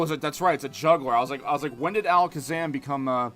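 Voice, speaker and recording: A male streamer rambling through live gameplay commentary and talking back to his chat. His voice sounds bright and forward, at an everyday male pitch. Faint game music plays behind him. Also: fast talker, hardly any pauses. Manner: rambling, animated, talks to chat.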